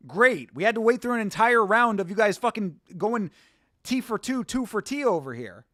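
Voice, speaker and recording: Young guy streaming a fight watch-along, kinda high voice, dry close mic, talks to chat a lot. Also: sing-song, moderate pace, fairly bright tone, no echo. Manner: chatty, reacting to chat, swears casually. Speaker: livestream host.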